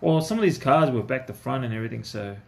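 A man's voice: medium pitch, expressive, fast talker, creaky, slight background noise. A man giving casual, chatty commentary to himself as he opens trading card packs. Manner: talks to himself, easygoing and chatty. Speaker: card-opening vlogger.

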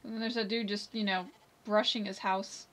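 A woman's voice: medium pitch, level tone, normal speed, slight background noise. A woman giving chatty, giggly let's-play commentary, talking back to the game characters. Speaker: gameplay commentator.

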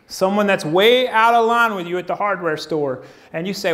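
A high-voiced man preaches a sermon in a folksy, joking way. He keeps turning to the congregation with questions and builds his points around props. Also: normal speed, fairly bright tone. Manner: folksy, humorous, asks the crowd questions. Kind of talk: sermon with object lessons. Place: church stage before a congregation.

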